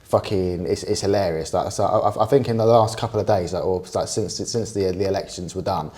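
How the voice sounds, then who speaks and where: A man's voice: deep voice, a little fast, darkish tone. A young man, co-hosting a casual podcast, rambling with frequent restarts and swearing. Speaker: podcast co-host. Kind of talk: casual banter.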